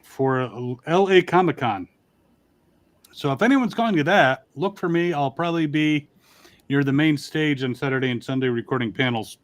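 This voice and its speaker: A man from Connecticut co-hosts a loose, joking toy chat over a video call. His voice sits a touch high, and he rambles in a neutral, broadcaster-style delivery. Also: moderate pace. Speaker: toy reviewer, co-host. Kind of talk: casual livestream chat.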